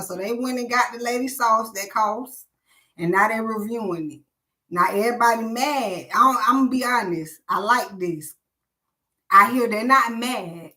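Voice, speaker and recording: Female streamer, blunt and preachy, heavy profanity; bright tone, mid pitch. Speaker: live stream host. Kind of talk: live stream rant.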